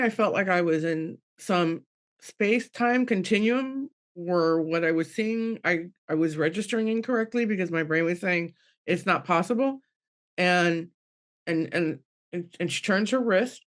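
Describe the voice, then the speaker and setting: A middle-aged woman, a guest medium, telling an emotional personal story in an earnest way. She acts out dialogue with a rising voice and drops low and soft when she is moved. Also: lively intonation, unhurried.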